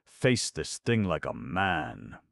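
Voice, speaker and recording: Urbane young toff, mock-formal and benevolent, read by a man with a very deep voice. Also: sing-song, slow pace, vocal fry, fairly bright tone, no echo, heavily acted. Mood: mock-solemn. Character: suave, unflappable young gentleman, grandly polite.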